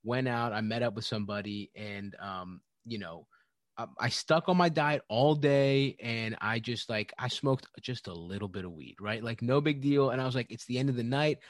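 A man's voice: mid-range voice, moderate pace, dry recording, studio quality. A man talking in a casual podcast conversation, chatty and profane, with many fillers and laughs. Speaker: podcast guest.

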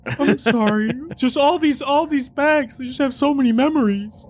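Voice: sits high, lively intonation, moderate pace, fairly bright tone, voice pushed up. A performer voicing a weepy middle-aged man who hoards bags and sobs through puns. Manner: sobbing, self-pitying, punning.

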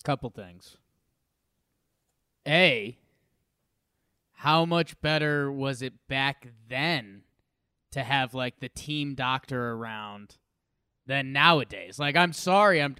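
A man's voice: fairly high pitch, sharp tone, clean tone, no echo, clean studio sound. A man co-hosting a casual podcast, joking and rambling with lots of "like" and "you know.". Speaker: podcast co-host.

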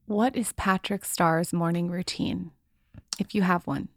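A woman co-hosting a podcast who speaks earnestly, agrees warmly with guests and asks questions. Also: lowish voice, fairly even intonation, unhurried, no room sound, studio quality. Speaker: podcast co-host. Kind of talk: casual interview.

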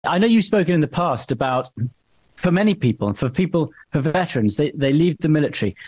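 A man's voice: on the high side, lively intonation, quick pace, a little mellow. A man interviewing a guest, asking long, wandering, supportive questions.

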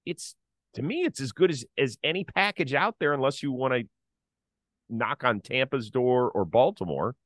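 Running a laid-back sports talk podcast, this middle-aged man sets up topics and guides the discussion conversationally through each segment. He sounds expressive and a bit bright at a moderate pace, in clean studio audio without room sound.

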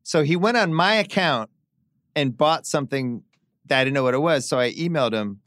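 A man's voice: medium pitch, animated, brisk, a bit bright, no room sound. A middle-aged man hosting a podcast, telling chatty, wry anecdotes. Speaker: podcast host. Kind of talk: casual chat.

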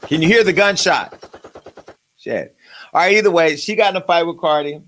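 A man's voice: on the high side, normal speed, fairly bright tone, slight background noise. A man hosting his own show, ranting in a profane, joking and angry way. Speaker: show host. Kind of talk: uncensored comedic rant.

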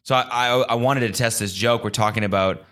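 A man's voice: mid-range voice, brisk. A young man hosting a casual podcast, telling stories with lots of swearing and laughter. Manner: animated storyteller, swears, laughs often. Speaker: podcast host.

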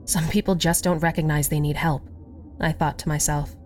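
A woman's voice: sits low, steady tone, fairly quick, faint music behind. A woman narrating a first-person story, reading the dialogue expressively and giving each character a voice.

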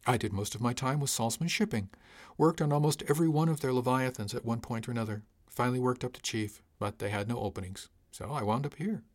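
A man's voice: mid-range voice, quick pace, close to an everyday voice. A man voicing a cheerfully oblivious, clumsy male cargo chief who answers in a mild, breezy, blithely reasonable way.

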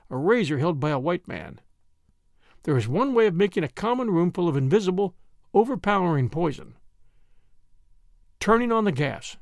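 A man reading the part of a mild, gently odd priest who turns quietly grave. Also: fairly high pitch, gravelly, no room sound, clean studio sound. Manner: vague, then quietly grave.

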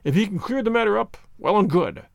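A man doing a calm, incisive detective. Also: high voice, brisk, vocal fry, no echo, studio quality. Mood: composed. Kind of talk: audiobook character reading.

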